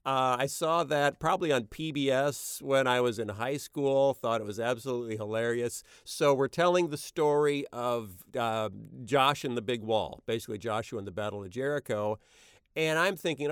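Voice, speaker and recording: Middle-aged man, smooth tone, dry close sound, animated casual storyteller. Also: mid-range voice, normal speed, no room sound. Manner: animated, slips into character voices while telling stories. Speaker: animation creator being interviewed.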